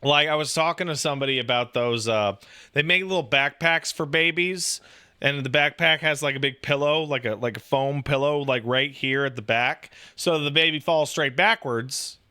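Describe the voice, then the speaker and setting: A man in loose casual chat, talking in a slightly raised register with a bright, forceful edge. He rambles and swears freely, leaning on "like" as he acts out the voices in his stories. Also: fairly high pitch, normal speed, clear, resonant tone. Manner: profane, rambling, animated storytelling with acted-out quotes; filler-heavy, says "like" constantly.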